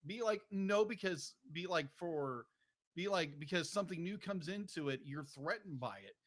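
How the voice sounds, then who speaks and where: This podcast host has a fairly high, expressive voice and speaks at a moderate pace. He rambles through a casual film discussion, often restarting his sentences and repeatedly saying "be like."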